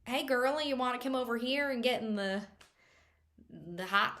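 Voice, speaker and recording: A woman's voice: on the high side, moderate pace, fairly bright tone, pitched above the performer's own voice, natural voice. A woman voicing a flirty male orc with an American Southern drawl, with a laid-back, inviting manner.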